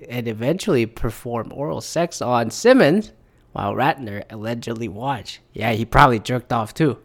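A man's voice: mid-range voice, moderate pace. A man in his thirties giving profane, sarcastic commentary, reading news statements aloud and reacting to them. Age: 30s. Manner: sarcastic, swears a lot.

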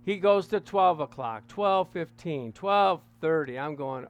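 A man preaching to a congregation, telling a lively anecdote and acting out the voices of the people in it. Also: fairly high pitch, measured pace, hardly any pauses, clear, resonant tone. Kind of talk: storytelling sermon to a congregation.

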